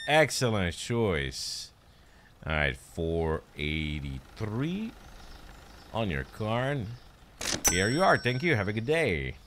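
A man's voice: on the low side, very animated, slow, a bit bright. A young man streaming a shop game, playfully playing a polite cashier who greets and thanks each customer. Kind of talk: casual game commentary.

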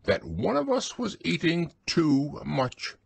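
A man voicing a fussy, bossy male rabbit in a storybook reading, with a husky voice and stern, chattering talk. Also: huge pitch swings, takes it slowly, no echo, exaggerated voice. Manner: stern, chattering, raised pitch.

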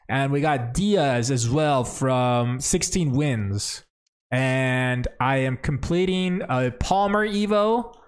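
Chatty young man streaming a game. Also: mid-range voice. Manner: chatty, thinks aloud, says bro and man. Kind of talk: casual livestream commentary.

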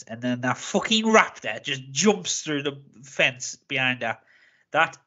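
Joking Geordie man, bright voice. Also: medium pitch. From North East England. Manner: swears freely, jokey. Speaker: podcast co-host. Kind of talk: casual chat. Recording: muffled lo-fi podcast audio.

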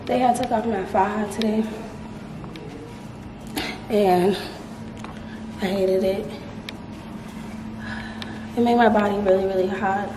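A tired, out-of-breath woman talking casually and softly to her viewers in a vlog. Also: medium pitch, fairly even intonation, takes it slowly, long pauses, over music. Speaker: vlogger. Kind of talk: casual vlog chat to camera.

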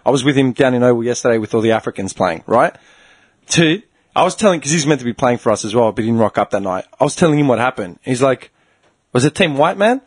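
Speaking at a quick pace in a mid-range voice with a breathy edge, a man hosting a podcast spins a long story in casual conversation. He's animated, swears, and acts out the characters.

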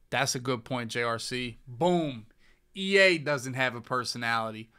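A man's voice: medium pitch, sharp tone, smooth. A young man hosting a gaming podcast, chatting casually with loose, joking trash talk. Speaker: podcast host. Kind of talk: casual chat while streaming.

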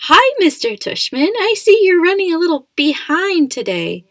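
A woman doing a shrill fake old-lady voice. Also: sing-song, normal speed, dry recording. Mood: mocking. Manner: squeaky and mock-formal. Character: shrill old lady voice, put on by a joking dad.

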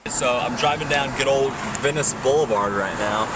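A man's voice: mid-range voice, brisk, few pauses. A young man chatting casually to camera while driving, goofy and jokey. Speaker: vlogger. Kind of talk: casual vlog chat. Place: inside a moving car. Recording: car road noise.

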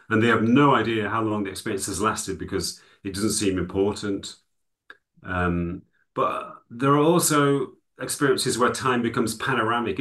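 Here a psychology lecturer and author from England talks through his ideas as an interview guest, peppering his thoughtful, conversational speech with "you know." His voice is medium in pitch and slightly bright.

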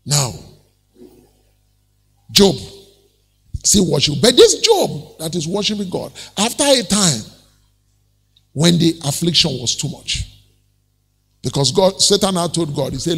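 Nigerian pastor, high lively gravelly voice, sermon in an echoing church. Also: male voice, a little slow, pauses often. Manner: animated storytelling preaching with laughs.

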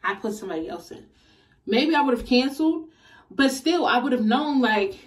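A young woman vlogger telling a casual storytime in an animated, slangy, exasperated way. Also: a little high, normal speed, distant mic.

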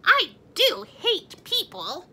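A woman voicing a small, fussy male mouse who is cold and grumbles, in a high, slow squeak. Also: wildly swooping pitch, pushed and bright, slight background noise, heavily acted.

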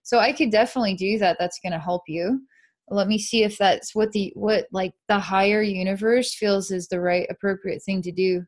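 A woman psychic leading a live energy-healing session, speaking softly with frequent sighs and dreamy, repetitive descriptions of what she sees. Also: mid-range voice, steady tone, normal speed. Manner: soft, sighing, repetitive, dreamy narration of visions.

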